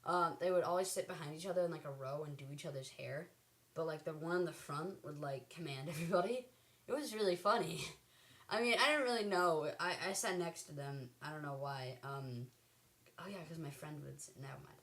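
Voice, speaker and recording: A woman's voice: low-pitched, brisk, fairly bright tone. Giggly rambling teenage girl vlogger. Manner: rambling and giggly, full of ums and likes. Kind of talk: casual storytelling to camera.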